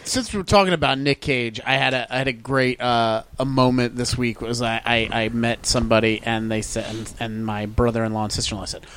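A man co-hosting a casual movie chat, telling an anecdote in a halting way. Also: medium pitch, steady tone, a bit bright. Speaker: podcast co-host. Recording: faint background noise.

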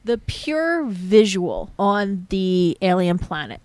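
Lively, animated woman, dry close sound. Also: medium pitch, clear, resonant tone, no room sound. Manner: animated, jokey, quick to laugh. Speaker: podcast co-host. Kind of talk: casual movie discussion.

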